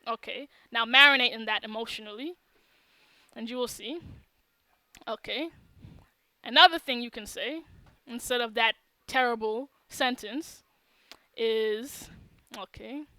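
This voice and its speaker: Bright, emphatic woman teaching. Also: a little high, a little slow, pauses often, dry recording. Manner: emphatic, keeps checking in with "okay?". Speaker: law of attraction teacher. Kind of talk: instructional talk to camera.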